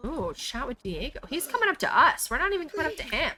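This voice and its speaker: A woman's voice: sits high, big pitch swings, fast, pushed and bright. A young woman casually commenting on a life-simulation game as its host, chatty and rambling, with game music playing. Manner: chatty, rambling, says "like" a lot. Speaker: gaming channel host. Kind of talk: casual let's play commentary.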